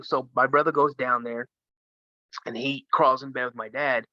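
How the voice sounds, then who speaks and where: A man from Minnesota, a guest telling a story in a casual, animated way. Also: medium pitch, normal speed, no room sound. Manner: animated, acts out the voices of others. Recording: dull lo-fi sound.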